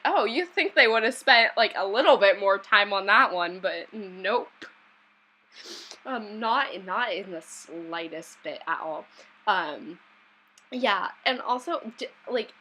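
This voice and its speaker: A woman's voice: medium pitch, bright, forceful tone, poor audio. A young woman chatting casually as a vlogger, rambling with many fillers and restarts. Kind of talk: casual chat.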